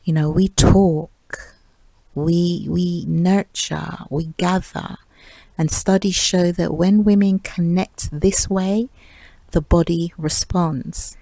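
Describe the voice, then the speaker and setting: A woman talks through her solo podcast in an unhurried, reflective way. Her voice sits low and mellow with a gravelly fry, and she often softens into near-whispers with small laughs. The sound is close and dry. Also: steady tone, no room sound, rough recording. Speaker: podcast host.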